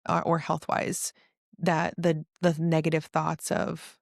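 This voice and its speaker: A woman hosting a casual spiritual podcast, telling stories with lively acted-out quotes. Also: low voice, slow pace, vocal fry, no room sound, clean studio sound. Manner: animated storyteller, acts out quotes. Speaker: podcast host.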